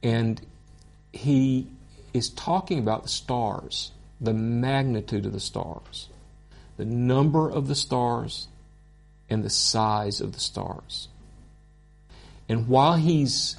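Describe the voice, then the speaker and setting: A man teaching a Bible course in an earnest, deliberate way, openly moved by what he teaches. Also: medium pitch, gravelly, darkish tone.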